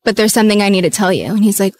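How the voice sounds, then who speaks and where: A woman's voice: mid-range voice, rapid-fire. A young woman, a former reality show contestant, chatting casually in an interview, filling her talk with "like" and acting out remembered conversations. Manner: chatty, many "like" fillers, retells scenes with quoted dialogue.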